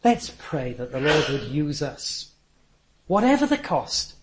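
A man's voice: fairly high pitch, sing-song, slow pace, heavy background noise. An older man, preaching a sermon with earnest, anecdotal storytelling.

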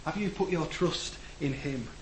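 A man preaching a sermon in a church, earnest, rising to emphatic declarations and letting phrase ends fall low. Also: unhurried. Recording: echoey room with faint background noise.

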